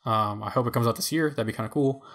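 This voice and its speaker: A man's voice: mid-range voice, fast talker, a bit bright. A man co-hosting a gaming podcast, chatting casually and rambling with lots of fillers. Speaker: podcast co-host. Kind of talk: casual chat.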